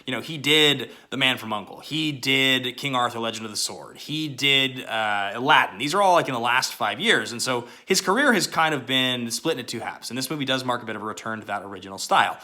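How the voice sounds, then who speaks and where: A man's voice: medium pitch, lively intonation, fairly quick, hardly any pauses, bright, forceful tone. A man hosting a casual movie review channel, chatty and loose, with lots of fillers and asides.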